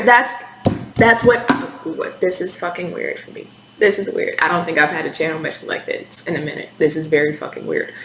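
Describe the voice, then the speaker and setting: A woman's voice: sits low, a little fast, a bit bright. A woman giving a candid, intense tarot reading to camera, swearing freely as she talks. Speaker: tarot reader. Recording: echoey room with faint hiss.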